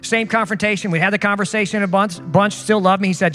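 A man preaching a sermon in a bright, high voice, earnest and conversational, with a string of rhetorical questions. His voice rings out in a space with long reverb. Soft music plays faintly behind him. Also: steady tone, quick pace. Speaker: pastor.

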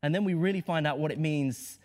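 A man preaching a Good Friday sermon, impassioned and rhetorical, dropping to hushed lows and rising to emphatic highs. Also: brisk.

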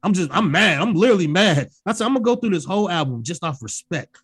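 A woman co-hosting a podcast, talking in an easy, everyday chat style. Her pitch swings widely as she builds her points, and she jumps into high, yelping exclamations whenever she quotes her own reactions. She swears freely and leans hard on her words. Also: fast talker, husky. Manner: animated and emphatic, profane, acts out her own reactions in sudden high yelps. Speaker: podcast co-host. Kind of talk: casual music review chat.

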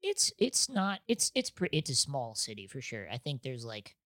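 A young man from Nebraska, a podcast guest chatting casually and rambling through stories with quick self-interruptions. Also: mid-range voice, huge pitch swings, sharp tone, dry recording, clean studio sound. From Nebraska, USA. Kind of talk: casual chat.

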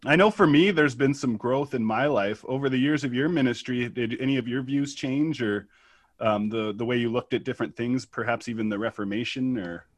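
A man's voice: mid-range voice, fairly quick, no echo. A man, a pastor, interviewing in casual conversation, talking hesitantly with many restarts.

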